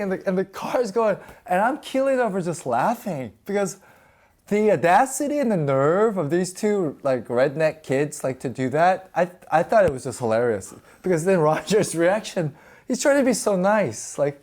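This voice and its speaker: Lively man telling stories, laughing. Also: high voice, a little slow. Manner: animated, laughs often, acts out quoted voices. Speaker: actor and podcast host. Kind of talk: casual storytelling in a podcast interview.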